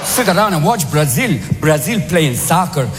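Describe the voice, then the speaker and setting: A man doing a manic live stand-up routine on a club stage, shouting and jumping into silly voices. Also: a little high, sing-song, normal speed, music in the background. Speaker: stand-up comedian. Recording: live set with loud crowd and hiss.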